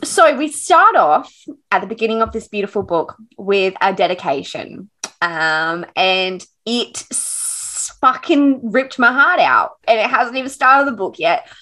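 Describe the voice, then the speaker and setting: A woman's voice: medium pitch, big pitch swings, a little slow, bright, forceful tone. A woman co-hosting a podcast, chatting casually about a book, laughing often and swearing freely. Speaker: podcast co-host.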